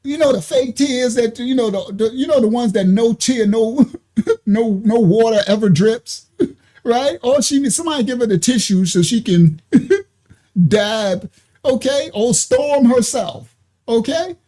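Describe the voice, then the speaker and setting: A woman's voice: a little high, unhurried, dark tone. A woman hosting a live reaction stream at her computer, chatty and mocking, laughing often and using plenty of slang. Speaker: livestream host. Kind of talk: reaction commentary livestream. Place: at a computer, sharing her screen.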